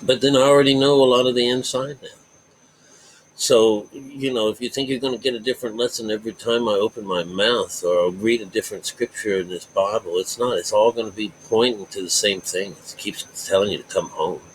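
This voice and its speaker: A man's voice: fairly low pitch, fairly even intonation, fairly quick, slight background noise, rough recording. A man teaching about the Bible in a rambling way, circling back to repeat his points and leaning hard on key words. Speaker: self-taught Bible teacher.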